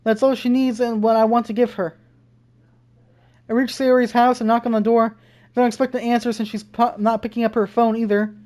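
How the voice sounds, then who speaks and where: A woman's voice: fairly high pitch, flat delivery, a little fast, mellow. Young woman reading a visual novel aloud. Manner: reads dialogue aloud, then breaks off into frightened swearing. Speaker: gaming streamer. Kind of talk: let's-play, reading game text aloud. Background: faint game music.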